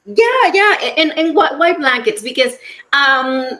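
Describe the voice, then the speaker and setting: A woman from Mexico with a strong Mexican Spanish accent, a business owner talking as a guest in a lively interview and mixing in Spanish words. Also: high-pitched, measured pace. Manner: lively, restarts often, mixes in Spanish words. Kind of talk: casual interview chat.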